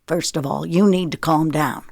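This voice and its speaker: A woman's voice: deep voice, fairly even intonation, normal speed, vocal fry, a little mellow, no echo, studio quality. A woman voicing a remorseful husband who pleads over the phone in an audiobook. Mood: pleading. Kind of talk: audiobook character voice.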